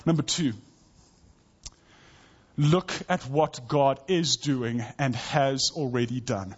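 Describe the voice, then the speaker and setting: A man preaching a sermon to his church, earnest, dropping to a soft hush in tender passages. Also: medium pitch, takes it slowly, pauses often, slightly rough, highs cut off. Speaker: pastor.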